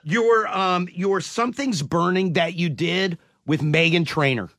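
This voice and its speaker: A man's voice: high-pitched, measured pace, a bit bright, no room sound, clean studio sound. A man hosting a morning radio show, chatting with a guest and gushing with praise. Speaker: radio host. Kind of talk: casual radio interview.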